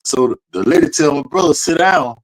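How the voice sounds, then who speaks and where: A man co-hosting a podcast, telling a childhood story in a lively, slangy, profane way. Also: on the high side, fairly quick, rough recording. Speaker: podcast co-host. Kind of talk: casual storytelling chat.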